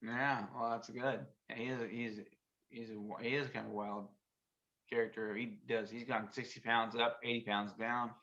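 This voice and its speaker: A man's voice: mid-range voice, level tone, moderate pace, sharp tone, highs cut off. A man co-hosting a casual chat over a video call. He reads out movie quotes and rambles, often trailing off mid-sentence. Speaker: co-host.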